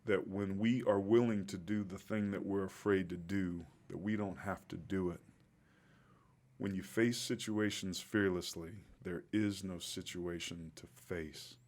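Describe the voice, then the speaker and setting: A man in his forties with a fairly low voice tells his life story as a podcast guest. He speaks in a reflective, heartfelt way and lets his emotion show. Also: fairly even intonation, a little slow, a little mellow. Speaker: podcast guest, former pro football player. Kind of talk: interview storytelling.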